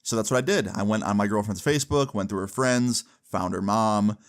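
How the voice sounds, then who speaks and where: A man's voice: lowish voice, brisk. A young man recounting a personal story in a chatty storytime style, full of "like" and "you know" fillers. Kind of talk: casual storytime.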